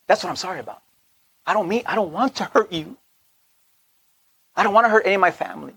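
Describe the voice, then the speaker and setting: A man's voice: high-pitched, fast talker, vocal fry, sharp tone, breathy edge, no room sound. A man giving an informal sermon in a conversational way, dropping to whispers for asides and rising for emphasis, often checking in with his listeners. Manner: keeps checking in with the audience. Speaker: preacher.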